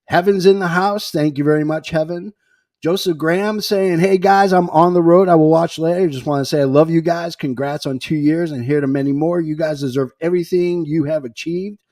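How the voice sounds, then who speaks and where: A man's voice: fairly high pitch, steady tone, brisk, a little mellow, no room sound, studio quality. A man from Boston hosting a podcast, upbeat and chatty, reading out listener messages. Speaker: podcast host. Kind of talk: casual chat.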